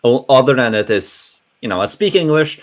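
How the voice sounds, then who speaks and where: A young man from Norway with a Norwegian accent, English his second language, rambling and animated with many restarts in a casual panel discussion. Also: medium pitch, moderate pace.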